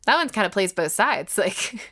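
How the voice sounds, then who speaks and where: A woman co-hosting a casual church podcast, chatty and quick to laugh. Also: medium pitch, very animated, pushed and bright. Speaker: podcast co-host.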